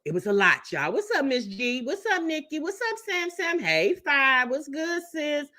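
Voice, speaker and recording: A woman's voice: high voice, big pitch swings, normal speed, pushed and bright. A woman hosting a casual livestream commentary, sassy, calling listeners baby and honey while greeting the chat.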